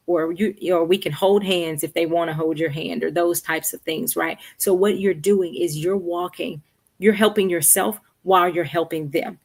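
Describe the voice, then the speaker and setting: A woman's voice: lowish voice, steady tone, normal speed. A middle-aged woman counselor answering audience questions on a livestream, talking in a conversational way that keeps checking in with "right?" and "okay". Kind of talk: live-streamed Q&A advice. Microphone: streaming setup.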